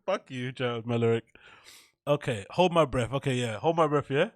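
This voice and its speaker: A man's voice: mid-range voice, normal speed, long pauses, no echo, studio quality. A man hosting a casual livestream, rambling, swearing freely and answering his chat. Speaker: livestream host.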